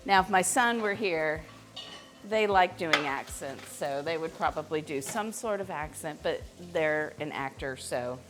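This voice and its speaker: A woman's voice: low voice, animated, measured pace, music in the background. A middle-aged woman from Missouri, hosting a live cooking stream in her home kitchen and chatting in a rambling way, with lots of fillers. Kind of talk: casual cooking chat.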